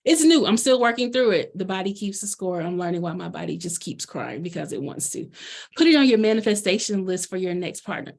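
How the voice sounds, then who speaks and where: A woman's voice: medium pitch, expressive, fairly quick, gravelly. Bubbly woman life coach, chatty and loose, casual delivery. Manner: chatty, bubbly, lots of fillers. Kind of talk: casual presentation chat.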